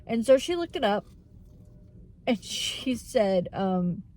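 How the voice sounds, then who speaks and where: A woman talking openly to her viewers in a casual vlog, with many fillers and frequent throat clearing. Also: fairly high pitch, sing-song, slow pace, a little mellow. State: tearful at times. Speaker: vlogger. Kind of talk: casual vlog chat while running errands.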